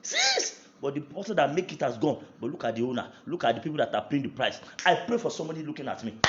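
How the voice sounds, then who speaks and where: A Nigerian pastor leads a fervent prayer sermon, hammering the same declarations again and again as they build. His voice sits a little high for a man. The recording is dull and lo-fi, with a roomy echo. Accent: Nigerian English. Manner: repeats declarations with rising intensity.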